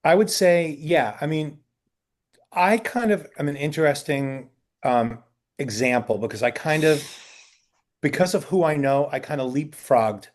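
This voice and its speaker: Man telling lively showbiz anecdotes. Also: on the high side, measured pace. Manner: animated anecdotal storytelling. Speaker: talent agent, interview guest. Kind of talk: casual interview.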